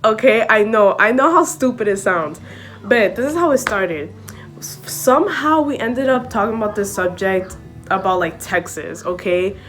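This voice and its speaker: A woman's voice: mid-range voice, normal speed, fairly bright tone, soft background music. A young woman vlogging casually to camera, chatty and full of "like" and "okay?", switching between English and Spanish. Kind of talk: casual story-time chat to camera.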